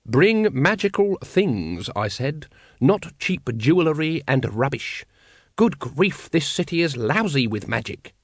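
A man's voice: on the high side, sing-song, measured pace, no room sound, clean studio sound, heavily acted. A man voicing a pompous, impatient male cult leader who blusters and snaps sarcastically. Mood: exasperated.

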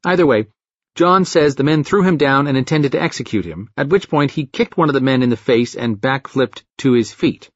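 A man reading a first-person audiobook in a dry, deadpan storytelling manner. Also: medium pitch, a little fast, no room sound. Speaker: audiobook narrator. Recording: dull lo-fi recording.

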